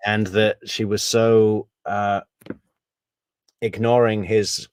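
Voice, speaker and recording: A man giving casual, analytical true crime commentary, measured and thinking aloud, with wry asides. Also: on the low side, little pitch movement, clear, resonant tone, no echo.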